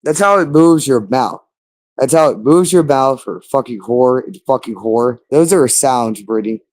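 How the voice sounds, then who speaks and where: A man's voice: mid-range voice, lively intonation, moderate pace, a little mellow. A man delivering a rambling monologue, insistent and repetitive, stretching out words for emphasis.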